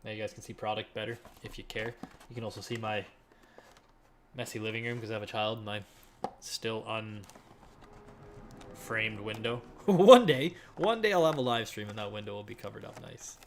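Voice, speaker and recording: A young man chatting casually on a live stream from his living room while listing items to resell, relaxed and often trailing off quietly. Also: fairly low pitch, normal speed, pauses often, noisy background.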